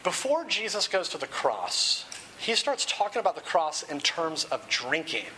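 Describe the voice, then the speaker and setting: A male pastor delivers a sermon with a bright, forward voice, quick and casual. He throws out rhetorical questions and jokey asides, and sits a touch above the usual male pitch. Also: wildly swooping pitch, slight background noise, low-quality recording.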